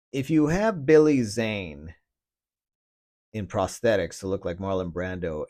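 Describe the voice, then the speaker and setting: A man hosting his own podcast in a casual solo rant, griping with lots of swearing and bursts of laughter. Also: lowish voice. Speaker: podcast host.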